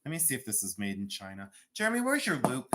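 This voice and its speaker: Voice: mid-range voice, wildly swooping pitch, fast talker, heavy background noise. A host running a live jewelry sale from home, chatting and joking with viewers and laughing often. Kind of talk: live-stream selling chat.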